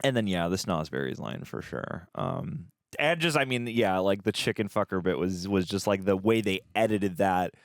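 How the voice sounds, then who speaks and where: A low-voiced man talks through a film he just watched, rambling and restarting his sentences as he goes. The sound is dry and close, with no room echo. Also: animated. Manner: rambling, halting, many fillers and restarts. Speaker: movie reaction co-host. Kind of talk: casual chat.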